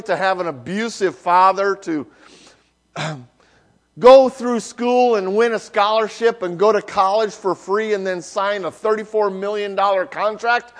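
A middle-aged man preaching a sermon in a church, slow and emphatic with dramatic pauses. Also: high voice. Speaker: pastor. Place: church sanctuary.

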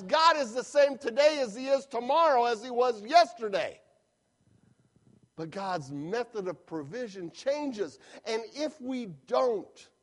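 A middle-aged man preaching a sermon as a pastor, stressing points with emphatic repetition. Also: very high-pitched.

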